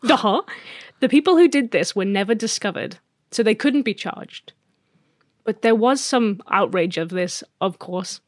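A woman's voice: medium pitch, animated, no echo, studio quality. A woman co-hosting a casual podcast, playfully teasing as she tells a spooky story. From England. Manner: playful, teasing, dramatic pauses. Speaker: podcast co-host.

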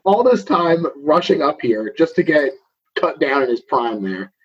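A man's voice: a little high, very animated, normal speed, breathy edge. A man hosting a podcast, casually recapping a movie with jokes and frequent laughs. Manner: jokey, laughs often mid-sentence. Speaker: podcast host. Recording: dull lo-fi recording.

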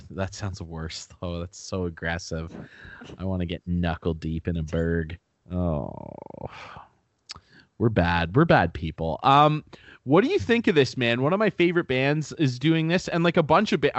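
A young man rambles through casual podcast banter, dropping curse words and mocking his own tangents. His voice sits at an ordinary pitch and sounds dry and close, with no room echo. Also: fairly bright tone. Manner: rambling, swears freely, self-mocking. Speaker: podcast co-host.

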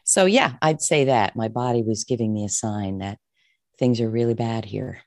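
A middle-aged woman, a therapist and coach, telling her own story in an interview, expressive and emotional, often restarting her sentences. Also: extremely low pitch, normal speed, no echo, clean studio sound.

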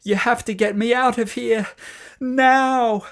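Storyteller putting on a panicky little aussie boy, high yelpy voice, bouncing all over the place. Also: very animated, slow pace, a little mellow. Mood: panicked. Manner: high, urgent, yelping cries. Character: young boy, frantic and impatient.

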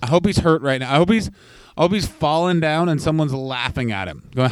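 A man's voice: fairly high pitch, expressive, brisk, dry recording. A man co-hosting a comedy podcast, ranting crudely and slipping into mocking voices in casual chat. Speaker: podcast co-host.

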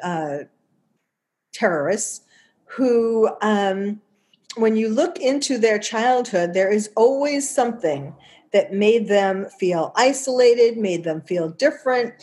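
A woman's voice: medium pitch, lively intonation, takes it slowly, a little mellow. A woman with a New York accent giving casual spoken commentary, chatty, with many fillers and restarts.

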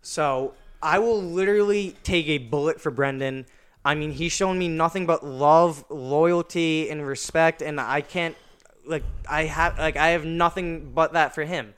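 Young male guest, smooth resonant voice pitched a touch high, rambling casual storyteller. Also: unhurried, a bit bright. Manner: rambling, many "like" fillers and restarts. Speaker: podcast guest.

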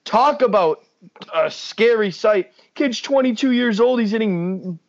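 A man's voice: high-pitched, animated, a little slow. A young man co-hosting a casual sports podcast, blunt and ranting, swearing freely. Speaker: podcast co-host. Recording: dull lo-fi podcast mic.

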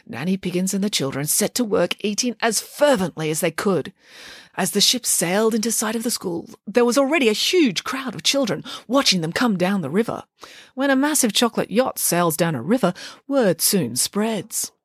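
Lively woman reading a storybook aloud. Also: medium pitch, moderate pace, husky, no echo, studio quality. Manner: lively, switches voices for each character. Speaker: audiobook narrator. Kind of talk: storybook reading with character voices.

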